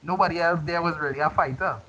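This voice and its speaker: A man's voice: on the high side, quick pace, sharp tone, muffled recording. A man, a guest on a film review chat, speaking bluntly and emphatically. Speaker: podcast guest.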